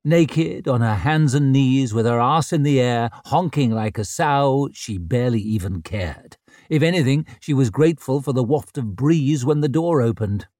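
A man narrating an audiobook with expressive storytelling. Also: medium pitch, normal speed, no room sound. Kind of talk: scripted narration. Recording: dry close studio sound.

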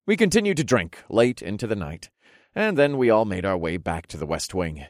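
A man narrating a fantasy audiobook in first person, with relaxed, wry storytelling. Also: fairly low pitch, normal speed, dry recording, studio quality.

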